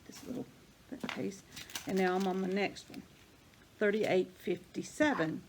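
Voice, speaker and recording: An older woman with a drawl talks casually through a hands-on craft demonstration. She rambles and thinks out loud as she works, in a medium voice, with faint noise behind her. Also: medium pitch, steady tone, measured pace. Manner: chatty, rambling, thinks aloud while working. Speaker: crafting vlogger.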